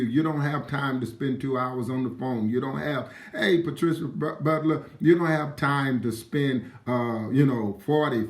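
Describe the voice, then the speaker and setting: A man delivers a motivational talk in a preachy, emphatic style, repeating key phrases and calling out viewers by name. His voice sits in an ordinary middle pitch. The room around him is echoey. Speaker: live stream motivational speaker.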